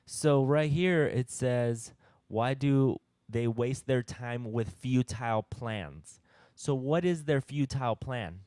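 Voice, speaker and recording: A man's voice: mid-range voice, slow pace, a little mellow, clean tone, no room sound. A man leading a casual youth-group Bible discussion, teaching conversationally and checking in with "all right?".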